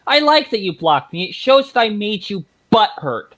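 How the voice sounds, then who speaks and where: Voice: mid-range voice, big pitch swings, moderate pace, a bit bright, low-quality recording. A podcast guest explaining a point at length in emphatic, detailed terms, then taunting an online opponent. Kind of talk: casual explanatory chat.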